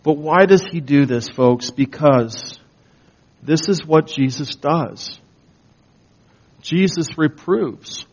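A man preaching a sermon as pastor, slow and emphatic, building to intense bursts. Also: on the high side. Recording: dull lo-fi recording.

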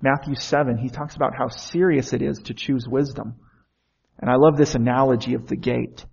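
A man's voice: medium pitch, steady tone, normal speed, vocal fry, darkish tone, slightly rough, highs cut off. A man preaching a sermon in an earnest way, often asking the listeners questions.

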